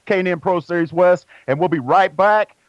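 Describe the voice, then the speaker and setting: A man's voice: high-pitched, moderate pace, no echo, highs cut off. A man hosting a motorsports radio show in a loose, joking, chatty way. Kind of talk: casual radio chat.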